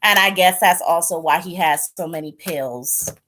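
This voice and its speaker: A woman who reads tarot, chatting casually to her viewers and telling a story with lively slang asides. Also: on the low side, moderate pace, a little hiss or hum. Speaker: tarot reader and channel host. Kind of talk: casual chat to camera.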